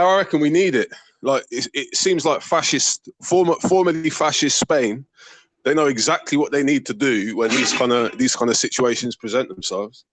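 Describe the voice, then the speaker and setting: A man's voice: medium pitch, dry recording. A man hosting a casual livestream chat over a video call, full of swearing and laughter. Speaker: livestream host.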